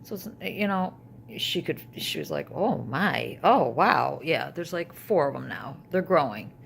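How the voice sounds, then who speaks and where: A woman's voice: low-pitched, animated, moderate pace, vocal fry, slight background noise. An older woman talking casually to camera at home in a personal vlog, rambling with restarts and trailing thoughts. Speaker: vlogger.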